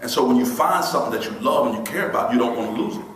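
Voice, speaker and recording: A man giving a motivational keynote, telling a personal story in a lively, conversational way with bursts of laughter. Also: medium pitch, very fast, soft background music. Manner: animated, breaks into laughter, imitates friends with quieter voice. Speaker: motivational speaker. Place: large hall before an audience. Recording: echoey hall, voice from far off.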